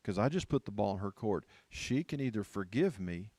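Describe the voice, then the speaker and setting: A man's voice: on the low side, expressive, normal speed, darkish tone, slightly rough, no echo. A man in his fifties, a pastor, giving a humorous sermon and acting out voices, repeating phrases for effect. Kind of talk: humorous sermon to a church leadership team. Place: church.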